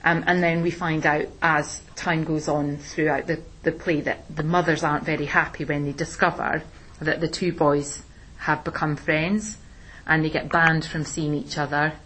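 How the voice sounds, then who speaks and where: A woman teacher explaining a play in a relaxed discussion, with plenty of ums and restarts. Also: deep voice, normal speed, a little hiss or hum, poor audio. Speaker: English teacher. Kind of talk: recorded literature lesson discussion.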